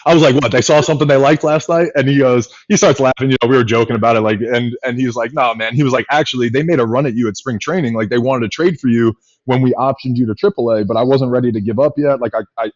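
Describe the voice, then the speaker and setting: A man in his thirties, a former pitcher and podcast guest, telling long stories quickly with many fillers. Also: dry recording. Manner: rapid, animated storyteller with many fillers. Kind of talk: casual storytelling chat. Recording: dull lo-fi podcast audio.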